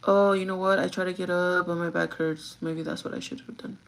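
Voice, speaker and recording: A woman's voice: on the low side, level tone, fairly quick, gravelly. A woman chatting casually on a get-ready-with-me livestream, venting and swearing freely, slipping between English and Spanish. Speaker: vlogger.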